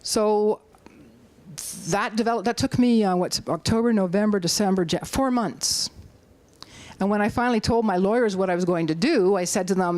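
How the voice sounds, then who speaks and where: A middle-aged woman with a Canadian accent giving an animated public talk as an activist speaker, rallying her audience and acting out quotes in a high voice. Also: normal speed, dry recording. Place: community hall talk.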